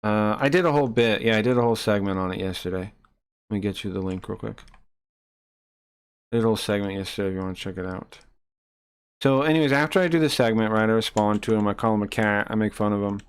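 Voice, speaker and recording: A man's voice: fairly low pitch, fast, smooth. A man streaming live, ranting heatedly and swearing as he rambles and restarts his sentences while playing a game.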